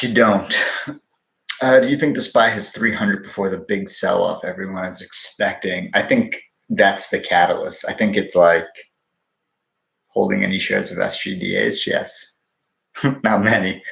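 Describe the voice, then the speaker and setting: A man hosts a casual live stream, talking bluntly with profanity and quick jokes. His voice is gravelly and sits a bit low. The sound is echoey, as if he is in a bare room. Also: animated, fairly bright tone. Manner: blunt and profane, wisecracking, hums to himself. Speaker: livestream host answering viewer questions on stocks.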